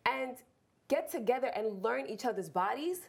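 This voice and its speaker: A woman's voice: a little high, expressive, moderate pace, gravelly, crowd noise. A woman co-hosting a casual panel chat show, talking with enthusiastic emphasis. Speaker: show co-host.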